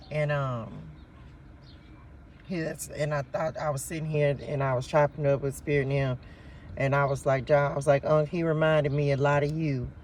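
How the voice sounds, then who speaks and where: A man telling a story to his viewers in a casual vlog, animated and repeatedly calling them y'all, recorded outdoors at a park on a phone. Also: a little high, recorded from a distance, slight background noise. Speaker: vlogger.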